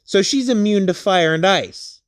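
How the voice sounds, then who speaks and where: Male storyteller, casual rambling retelling, slow and unhurried. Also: high-pitched, clear, resonant tone. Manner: rambling, halting, with many fillers and restarts.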